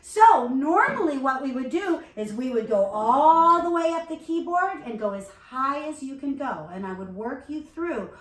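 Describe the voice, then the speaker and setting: Speaking with few pauses at a moderate pace, a woman uses a high-pitched, expressive voice to coach a beginning singer. She encourages the student and demonstrates sounds while a keyboard plays faintly. The echoey room and distant recording position give the audio a hollow quality.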